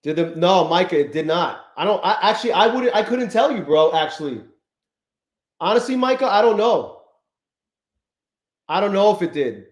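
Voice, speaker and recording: Brief: male live-stream host, somewhat high voice, loose profane rambling, roomy echoey sound. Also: lively intonation, a little fast, hardly any pauses. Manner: profane, rambling, greets chat viewers. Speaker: livestream host. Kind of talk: casual live-stream chat.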